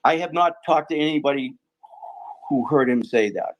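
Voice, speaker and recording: A man's voice: mid-range voice, moderate pace, rough recording. Hesitant man with frequent ums. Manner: hesitant, many ums and restarts. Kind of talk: casual podcast discussion.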